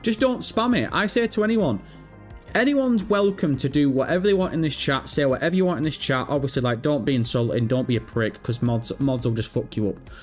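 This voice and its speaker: A man's voice: mid-range voice, fairly quick, soft background music. Man, livestream host, casual and sweary, mid-range voice, self-mocking chatter. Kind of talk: casual livestream chat reading viewer messages.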